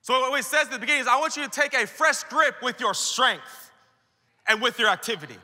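Bright-voiced male pastor preaching. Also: very high-pitched, lively intonation, a little fast, in a large hall. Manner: conversational preaching, acting out quoted voices. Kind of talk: sermon to church leaders. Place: large conference hall.

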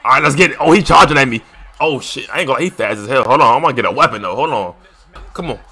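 A young man gives lively gameplay commentary in a very bright, sharp-edged voice. His pitch swings up and down constantly as he shouts and trash-talks at the screen. His speech is loose and full of slang. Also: very fast, breathy edge. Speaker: gaming YouTuber.

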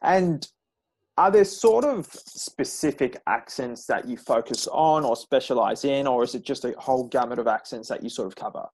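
A man's voice: mid-range voice, normal speed, a little mellow, husky. A man hosting a podcast, asking easygoing questions and giving brief acknowledgements. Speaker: podcast host. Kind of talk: interview questions.

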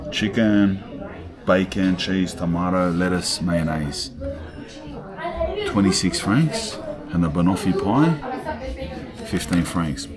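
An Australian man vlogging casually as he walks around town and into shops, joking and swearing freely. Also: deep voice. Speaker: travel vlogger. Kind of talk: casual travel vlog.

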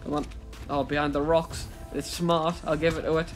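A young British man commentating his own gameplay, excitable and self-mocking, jumping between chatter and panicked shouts. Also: on the high side, normal speed, soft background music. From Britain. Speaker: gaming YouTuber.

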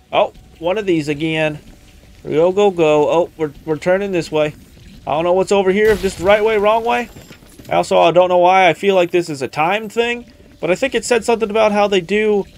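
A man chatting his way through a video game, talking back to the screen and muttering as he plays. His voice sits a little high for a man, and he hams up a put-on country accent for fun. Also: darkish tone. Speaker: gaming streamer. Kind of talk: casual let's-play commentary.

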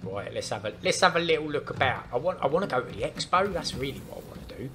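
Jokey gamer guy chatting while he plays, loud engine hum and game noise behind him. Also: medium pitch, quick pace. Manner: excitable, awestruck, jokey. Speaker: gaming channel host. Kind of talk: casual game commentary.

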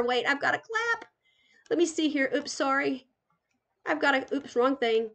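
An older woman, a grandmother, chatting warmly as she tours a game island live, gushing and giggling. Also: a little high, expressive, unhurried. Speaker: gaming channel host. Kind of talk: casual live game tour commentary.

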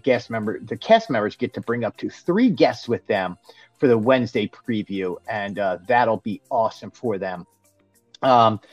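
A man's voice: medium pitch, a little mellow, dry recording. A man co-hosting a casual news podcast, reading items aloud with fillers and small slips. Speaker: podcast co-host. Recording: dry, dull lo-fi podcast audio.

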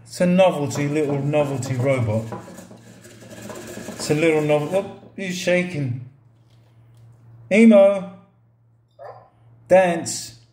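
A middle-aged man casually reviewing a toy robot at a table, relaxed and joking, talking to it like a pet. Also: on the high side, measured pace, pauses often, echoey room, noisy background. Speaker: product reviewer. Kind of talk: casual product review vlog. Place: indoors at a table or counter.

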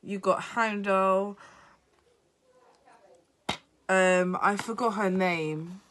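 A tired woman vlogger unboxing gifts at home, talking in an excitable, apologetic way. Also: medium pitch, slow, slight background noise. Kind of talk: unboxing vlog.

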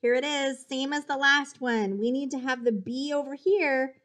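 A woman's voice: sits high, moderate pace, a bit bright. A woman teacher giving a spelling dictation lesson, patiently sounding out syllables and explaining the rules.

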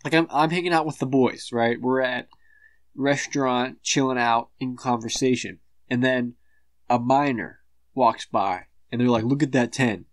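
A man's voice: mid-range voice, measured pace, no echo. A man ranting into the camera, blunt, crude and defensive, swearing constantly. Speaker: vlogger. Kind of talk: profane rambling rant.

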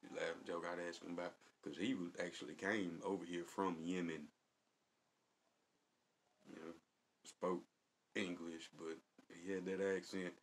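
Deep gravelly man, rambling storyteller. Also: little pitch movement, a little slow, long pauses. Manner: rambling, colloquial, chuckles often. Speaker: vlogger telling stories. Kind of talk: casual storytelling.

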